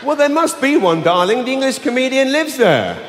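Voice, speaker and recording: A man voicing a posh, excitable middle-aged wife from Vancouver, in a live arena with long reverb. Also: very high-pitched, brisk, a faint crowd, pitched above the performer's own voice. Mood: gushing. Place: large arena, live audience.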